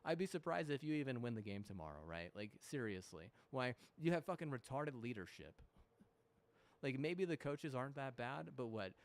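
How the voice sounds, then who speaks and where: A man's voice: mid-range voice, animated, moderate pace. A young man talking casually while playing a game, swearing a lot and restarting his sentences. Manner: heavy swearing, frequent restarts and fillers; mocking mimicry of apologies. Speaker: gamer. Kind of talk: rambling gaming commentary.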